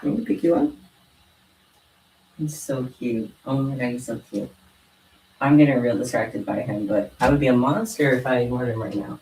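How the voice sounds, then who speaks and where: A young adult craft vlogger chats casually at home while crafting, cooing baby talk to her pet cats. Her mid-range, slightly mellow voice moves at a moderate pace with frequent pauses. A distant mic gives a roomy sound with a little hiss or hum.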